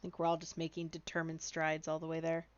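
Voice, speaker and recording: A woman playing a tabletop game in casual chat, brisk and decisive as she directs the group. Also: low-pitched, monotone, no echo, dull audio. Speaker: player.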